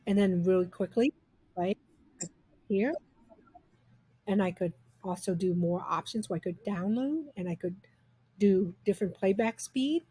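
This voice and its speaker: Woman, breathy voice, upbeat chatty software walkthrough. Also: mid-range voice, measured pace, pauses often, dry recording. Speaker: software reviewer. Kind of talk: casual screen-recorded software demo.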